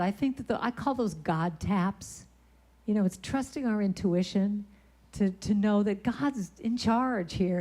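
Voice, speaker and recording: A woman's voice: mid-range voice, mellow. A woman speaker giving a conversational sermon at a church, telling stories and breaking into short sung lines. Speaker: guest speaker and singer. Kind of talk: storytelling sermon talk. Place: church sanctuary.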